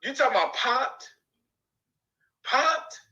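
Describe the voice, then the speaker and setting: A man with a high, piercing, sharp-edged voice rants on a livestream. He taunts and curses, stretching out every insult. His delivery is mocking and profane. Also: animated, moderate pace, lo-fi sound. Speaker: YouTuber in a played clip. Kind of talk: livestream rant.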